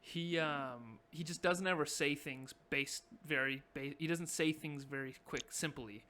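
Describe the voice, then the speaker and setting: A man narrating a tabletop game as dungeon master, his voice a touch high and bright. He keeps things laid-back and breaks into laughter often. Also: measured pace.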